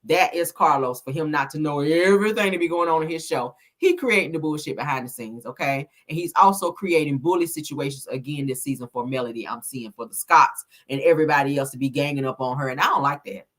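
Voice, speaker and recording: A woman's voice: low voice, fast talker, few pauses, fairly bright tone. Blunt, sassy woman gossip host. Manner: blunt, profane, sassy, reads viewer comments aloud. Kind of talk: celebrity gossip commentary.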